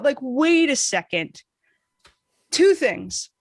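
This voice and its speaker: A woman podcast co-host telling a casual, animated story, swearing freely and acting out what people said. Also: measured pace, dry recording, clean studio sound. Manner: animated, profane, acts out quotes with big pitch swings.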